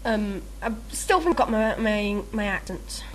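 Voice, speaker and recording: A woman's voice: mid-range voice, animated, a little slow, slight background noise. A woman rambling through a questionnaire in casual chat, giggly and self-mocking, with lots of ums and uhs. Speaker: video maker answering a meme questionnaire.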